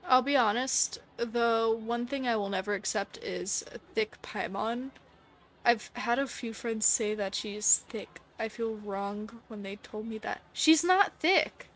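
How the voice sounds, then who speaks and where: A woman's voice: fairly high pitch, steady tone, measured pace, a bit bright, slight background noise. A woman streaming a video game, chatting casually with playful asides.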